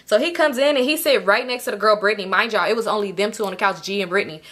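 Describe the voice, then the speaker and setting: A young woman telling a casual storytime to her viewers, animated and slangy, often addressing them directly. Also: medium pitch, very fast. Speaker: storytime vlogger.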